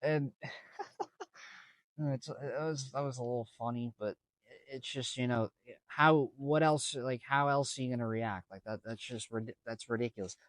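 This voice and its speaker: A man's voice: medium pitch, a little slow, no echo. A man casually telling a story to camera, rambling with slang and many restarts. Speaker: vlogger.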